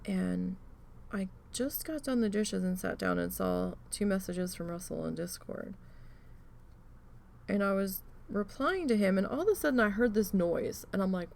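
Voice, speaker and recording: Rambling woman with a gravelly voice. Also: medium pitch, moderate pace, slight background noise. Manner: rambling, animated, swears freely, many fillers. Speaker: crafting channel host. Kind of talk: casual storytelling while crafting.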